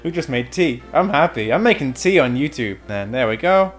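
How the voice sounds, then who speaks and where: A man's voice: medium pitch, animated, moderate pace, faint music behind. A young man with an English accent co-hosting a couple's vlog, teasing and mock-outraged, laughing often. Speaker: vlogger co-host. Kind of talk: casual couple vlog banter.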